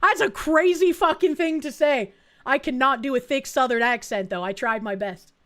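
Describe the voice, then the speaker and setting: A woman's voice: sits high, moderate pace, fairly bright tone. A woman streamer reacting to news clips, blunt and indignant, swearing freely. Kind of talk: casual reaction commentary.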